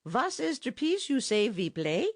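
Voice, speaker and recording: A woman voicing a loud German band member who shouts in a high, strained voice with a heavy German accent, recorded dry for an audiobook. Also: very animated, unhurried, no room sound, full character voice. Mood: shouting. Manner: shouting over noise. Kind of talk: audiobook character voice.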